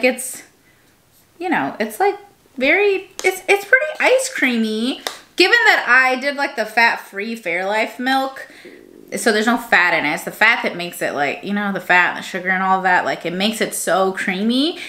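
Bright-voiced chatty woman vlogger. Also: on the high side, expressive, normal speed. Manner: chatty, rambling, lots of fillers and self-corrections. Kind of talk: casual chat.

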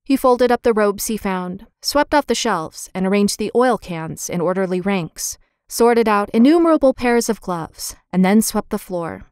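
A woman narrating a children's storybook in a lively, expressive reading, voicing the characters' lines. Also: medium pitch, normal speed, smooth, no room sound, clean studio sound. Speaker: audiobook narrator.

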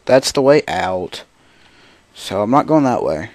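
A man's voice: medium pitch, sing-song, measured pace, creaky, a little mellow, no echo. A man giving casual gameplay commentary as a let's play host, grumbling to himself in frustration.

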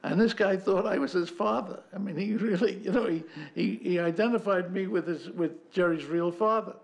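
An older actor in an interview, telling a folksy anecdote and acting out both sides of the dialogue. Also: male voice, high voice, moderate pace, creaky. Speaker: actor interviewed about a sitcom.

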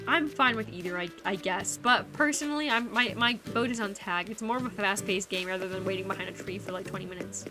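A woman live-streaming a game, bantering with her viewers in a playful, teasing way. Her voice sits a little high, and game music plays clearly underneath her talk. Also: normal speed. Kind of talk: casual live-stream chat while playing a game. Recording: game music playing behind the voice. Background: video game background music.

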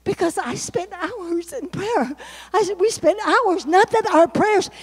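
A middle-aged woman preaching a sermon as a guest speaker, swinging from loud exclamations to soft, low musing. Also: lively intonation, slow pace.

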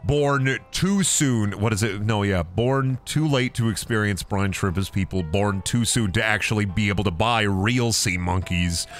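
A man's voice: lowish voice, moderate pace, few pauses. A young man giving goofy, joking commentary on a game stream, swearing and laughing often.

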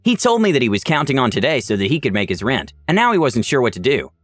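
A man reading online stories aloud as narrator, with a wry, deadpan delivery. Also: mid-range voice, fast talker, dry recording, soft background music.

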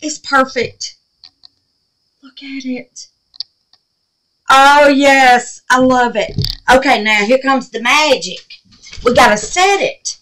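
A woman talking viewers through a resin craft, chatty and quick to exclaim, calling them babies and y'all. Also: high voice, fairly bright tone, rough recording. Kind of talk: casual crafting tutorial talk.

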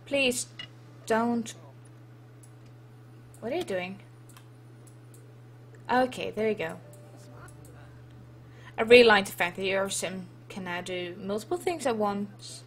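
A woman with a Dutch accent gives relaxed, unhurried commentary over a life-sim game. She chats playfully and reads the game's prompts aloud, with a faint hum in the background. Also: mid-range voice. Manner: chatty and playful, reads on-screen text aloud. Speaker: let's play host. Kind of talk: casual gameplay commentary.

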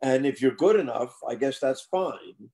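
An older man, the author guest, answers interview questions about his book in a mellow, mid-range voice with lively intonation. He talks a little slowly, thoughtful and conversational, often restarting and repeating words while he thinks.

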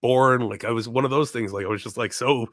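A young man, a podcast guest, telling stories in casual chat, animated and profane, laughing often and leaning on filler words. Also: mid-range voice, fairly quick, no echo, studio quality.

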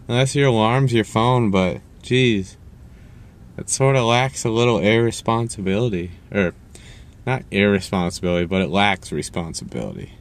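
A man's voice: lowish voice, normal speed. A young man ranting casually to camera, rambling and cursing as he jumps around in his story. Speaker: vlogger.

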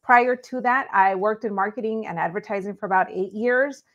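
A woman's voice: medium pitch, moderate pace, muffled recording. A woman from Los Angeles, a real estate agent and guest, talking in an upbeat, chatty way. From Los Angeles, California. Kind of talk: casual interview.

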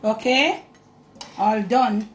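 This woman speaks very slowly with a fairly high pitch while hosting a home cooking demonstration in her kitchen. Talking chattily to the camera, she blends her Jamaican-accented speech with Patois, and the room echoes over slight background noise.

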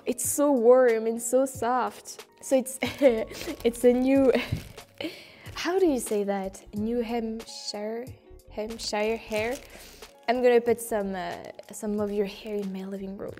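A woman's voice: a little high, measured pace, warm tone, soft background music. A woman with a French accent, a vlogger talking casually to camera, effusive and exclamatory, with gasps and laughter. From France. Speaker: vlogger opening gifts from viewers. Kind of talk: casual vlog talk to camera.

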